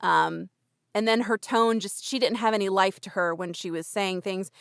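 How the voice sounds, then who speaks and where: A woman's voice: medium pitch, normal speed, fairly bright tone, clean tone, no room sound. Casual young woman podcast co-host, chatty with a lot of filler, dry close mic. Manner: chatty, laughs often, frequent "like" and "um". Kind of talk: casual chat.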